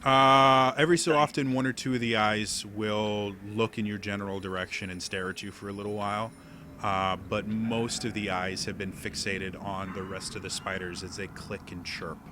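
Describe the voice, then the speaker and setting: Lowish-voiced man running a tabletop game. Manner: halting narration with many fillers. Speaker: game master. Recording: steady background noise.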